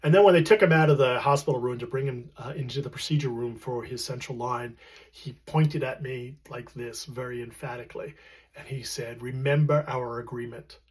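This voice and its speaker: Husky-voiced man telling a personal story. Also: medium pitch. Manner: earnest, reflective, with many fillers and pauses. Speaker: storyteller recounting his late partner.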